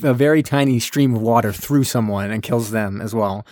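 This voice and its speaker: A man's voice: mid-range voice, normal speed, darkish tone, dry recording. Guy hosting a movie podcast, rambly and jokey, dry close mic. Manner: rambling, joking, lots of fillers. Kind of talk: casual movie recap chat.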